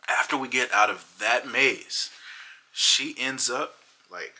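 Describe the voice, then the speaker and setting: A man telling a funny personal story in a casual, animated way. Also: medium pitch, slow pace, poor audio. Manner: animated, dramatic retelling. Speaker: vlogger.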